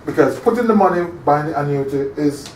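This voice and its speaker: A man's voice: fairly high pitch, animated, quick pace, a little mellow. A male instructor giving an interactive classroom lecture, often quizzing his listeners and checking that they follow. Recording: echoey room, distant mic, faint hum.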